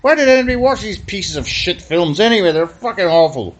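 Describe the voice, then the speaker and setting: A man hosting a comedy podcast, rambling through absurd deadpan jokes and puns that he keeps correcting himself on. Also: high-pitched, brisk, hardly any pauses.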